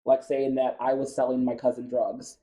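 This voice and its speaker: An American man telling a story as a guest in a studio interview, animated and chatty with many fillers. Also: medium pitch, normal speed. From United States.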